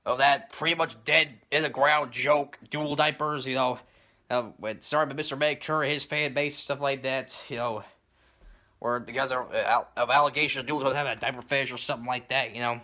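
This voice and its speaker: A man delivering a rambling commentary rant, filling his points with "you know" and "stuff like that" and often clearing his throat. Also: medium pitch, steady tone, brisk, bright, forceful tone. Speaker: commentary YouTuber.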